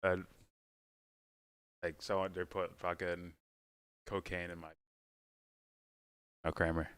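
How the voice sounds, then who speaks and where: A man's voice: low voice, completely flat delivery, unhurried, fairly bright tone, clean tone, no room sound. A man hosting a casual livestream, reacting and chatting in a rambling, giggly, profane way. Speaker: livestream host.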